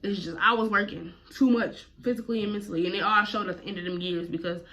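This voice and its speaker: A woman's voice: mid-range voice, steady tone, quick pace, sharp tone. A woman vlogger telling a personal story casually, full of slang and cursing. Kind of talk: storytime vlog.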